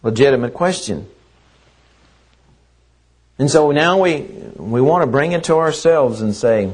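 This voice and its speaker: A man preaching a sermon in a slow, earnest way, repeating phrases for emphasis. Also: mid-range voice, expressive.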